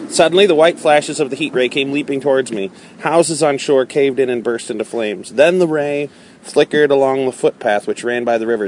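A man's voice: mid-range voice, darkish tone, a little hiss or hum. Man reading a dramatic tale. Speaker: narrator. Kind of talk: first-person storybook narration.

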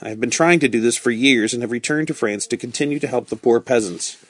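A man's voice: mid-range voice, fast talker, a bit bright, husky, no echo. A man doing an earnest young nobleman.

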